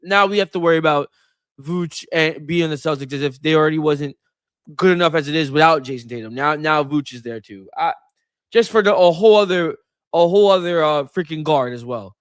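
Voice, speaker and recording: Animated exasperated man, dry mic. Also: a little fast, smooth, no room sound. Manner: animated, exasperated, swings pitch widely. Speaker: co-host. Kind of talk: casual sports chat.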